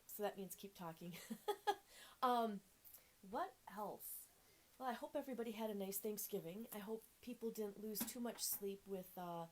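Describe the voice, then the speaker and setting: A woman's voice: medium pitch, moderate pace, a little mellow. A woman co-hosting a casual livestream from a relative's house, chatting and hesitating with many fillers, filmed on a phone. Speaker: co-host. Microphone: phone camera.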